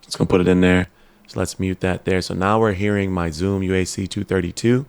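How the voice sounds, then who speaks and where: Deep gravelly man demoing a microphone. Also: brisk. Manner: relaxed, explanatory, frequent ums and restarts. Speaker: tech reviewer. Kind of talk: casual product demo. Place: home studio with computer fans nearby. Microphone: dynamic USB/XLR desk mic, switching to camera shotgun mic.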